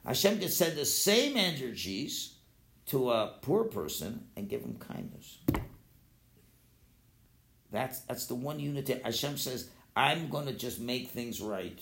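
Male teacher, informal Torah class, expressive delivery with plenty of restarts, roomy echo. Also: mid-range voice, unhurried, creaky, heavy background noise. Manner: animated, acts out quoted voices, restarts often. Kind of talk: informal Jewish philosophy class.

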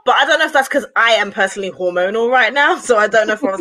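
A woman in casual podcast chat. She is animated and playfully blunt, and laughs as she talks. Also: a little high, very fast, hardly any pauses, low-quality recording.

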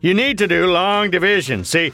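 A man's voice: high-pitched, expressive, moderate pace, sharp tone, faint music behind, full character voice. An actor playing a grumpy, impatient adult man who curtly explains math in a cartoon. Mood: lecturing. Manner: impatient, curt, know-it-all. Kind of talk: cartoon voice acting.

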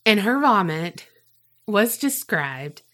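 A woman co-hosting a podcast, telling a story in casual chat, animated and swearing freely. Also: mid-range voice, slow pace. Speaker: podcast co-host.

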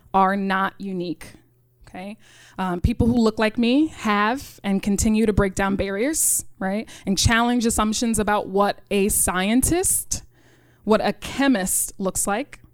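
A woman's voice: medium pitch, clear, resonant tone, no echo, studio quality. A woman chemistry teacher with a New York accent, telling a personal story on stage in an earnest way, often asking "right?" and saying "you know". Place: stage at a live story event.

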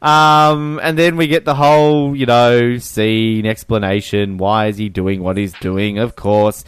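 A man's voice: on the low side, measured pace, clean tone, no echo. A man co-hosting a casual podcast about a film, laughing often and slipping into silly voices. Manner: animated, laughing, jumps into silly put-on voices. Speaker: podcast co-host.

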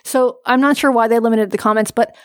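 Woman cohost, dry teasing jokes, a bit high, close dry mic. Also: a little fast, smooth, no echo. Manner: teasing, blunt, deadpan. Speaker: podcast co-host. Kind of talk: casual podcast banter.

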